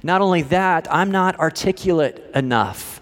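A man's voice: on the high side, animated, normal speed, fairly bright tone, big-room sound, voice pushed up. A man playing an anxious, reluctant man who pleads with God to send someone else. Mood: pleading. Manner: pleading, self-doubting.

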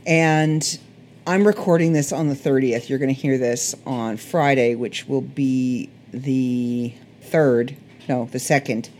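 A woman with a Canadian accent, a little hoarse, rambling through a casual solo podcast chat. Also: a bass voice, steady tone, slow pace, a little mellow, slight background noise. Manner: rambling, chatty, self-correcting. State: slightly hoarse. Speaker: podcast host.

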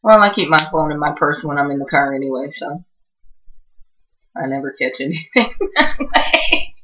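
Female podcast guest, bright voice, shy and giggly. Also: low voice, normal speed, poor audio. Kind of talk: casual podcast chat.

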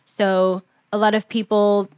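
A woman guest on a podcast, explaining things in a measured, casual way. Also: medium pitch, flat delivery, darkish tone, dry recording.

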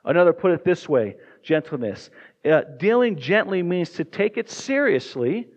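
A man's voice: sits high, sing-song, normal speed. A male pastor preaching a sermon in a conversational way and often asking the congregation questions. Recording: dull lo-fi recording.

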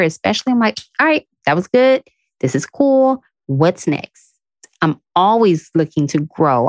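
A woman's voice: sits low, no room sound. A woman hosting a podcast, giving an earnest, emotional motivational talk full of affirmations, speaking to her listeners like a friend. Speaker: podcast host. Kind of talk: motivational self-help talk.

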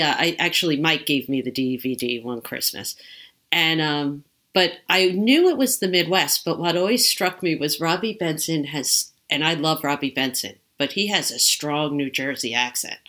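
Woman cohost on a podcast, bright voice, rambly chatty talk full of likes. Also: deep voice. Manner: chatty, rambling with many "like" fillers. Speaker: podcast co-host. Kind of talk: casual chat.

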